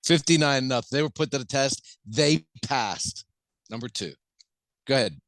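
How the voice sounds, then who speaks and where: A man's voice: mid-range voice, moderate pace, fairly bright tone, no echo. An American man co-hosting a sports podcast, teasing his co-host with dry sarcasm in a casual chat.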